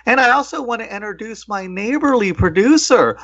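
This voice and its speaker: A man's voice: high voice, expressive, brisk, fairly bright tone, dull audio. A man hosting a podcast, jokey and hammy as he introduces the show and guests. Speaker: podcast host.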